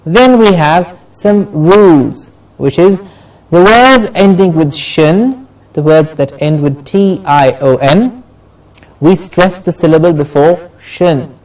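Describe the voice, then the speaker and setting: A man teaching English word stress, slowly repeating each example word for the class to say along. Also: a little high, expressive, darkish tone, far from the mic, low-quality recording. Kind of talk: classroom lesson with drills.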